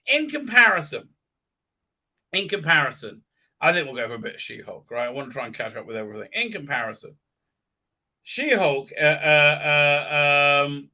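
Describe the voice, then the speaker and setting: A man's voice: a little high, pushed and bright. A man hosting a live stream, giving a crude, sarcastic rant with many filler sounds. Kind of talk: ranting pop-culture commentary.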